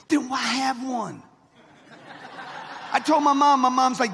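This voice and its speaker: In a large event hall, a man in his sixties delivers a brash, punchy motivational speech directly to a live crowd, with long hall reverb. His voice is extremely high-pitched, expressive, creaky, bright, and forceful at a moderate pace, with slight background noise.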